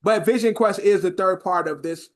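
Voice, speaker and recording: A man's voice: high voice, moderate pace. A man hosting a podcast in casual chat, loose and profane, often repeating his words. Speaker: podcast host.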